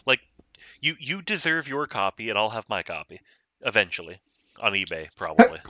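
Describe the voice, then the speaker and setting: Casting: low-voiced man with a sharp, bright edge, laid-back podcast co-host with dry humor. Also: big pitch swings, normal speed, dry recording. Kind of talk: casual book discussion.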